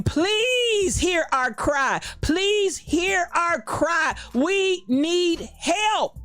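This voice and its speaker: Woman from kansas city ranting on her livestream show, high voice, greets the chat, fired up. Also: no echo. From Kansas City, USA. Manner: passionate, preachy, talks back to live chat. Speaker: podcast host. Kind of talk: livestream commentary on current events.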